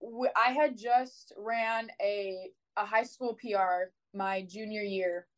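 A woman's voice: medium pitch, takes it slowly, poor audio. Young woman, college sprinter guest, casual chatty storyteller. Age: young adult. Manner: chatty, animated, many "like" fillers.

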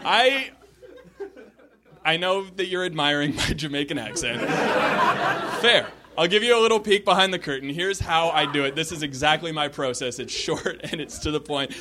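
A man doing a playful stand-up comedy set, telling a story with animated delivery. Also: a little high, normal speed. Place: comedy club stage. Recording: comedy club with loud crowd noise.

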